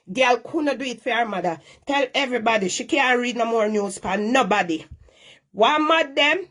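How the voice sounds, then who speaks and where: A woman's voice: fairly high pitch, a bit bright. A middle-aged Jamaican woman scolding at length on a live stream, repeating herself in heavy Patois.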